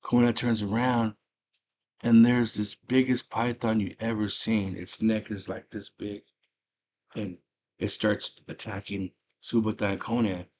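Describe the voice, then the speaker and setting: A man casually retelling a movie plot in rough slang, breaking into loud put-on voices for the characters. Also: lowish voice, level tone, a little slow, slight background noise. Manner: rough slangy street talk. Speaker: movie chat host.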